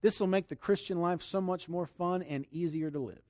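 A man preaching a sermon, exuberant and laughing, swinging between hushed and loud lines. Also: high-pitched, moderate pace, no echo, clean studio sound. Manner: leads congregation in a loud spoken declaration.

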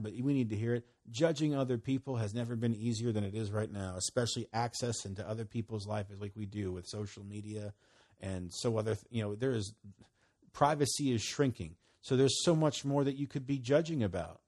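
A man's voice: mid-range voice, darkish tone. A man preaching a sermon in a folksy, emphatic way, quoting scripture and breaking into sudden exhortations.

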